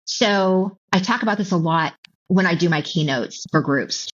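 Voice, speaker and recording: A middle-aged woman telling her personal story as an interview guest, halting and emotional, with many restarts and repeated words. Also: on the low side. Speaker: author and keynote speaker, guest. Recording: dull lo-fi audio.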